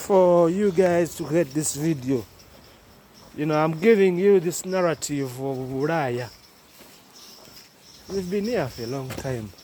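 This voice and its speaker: A man's voice: fairly high pitch, warm tone, a little hiss or hum. A man with a Ugandan accent talking casually to camera outdoors in cold weather, chatty and mixing English with Luganda. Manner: chatty, switching between English and Luganda, laughing asides. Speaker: vlogger. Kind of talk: casual vlog monologue.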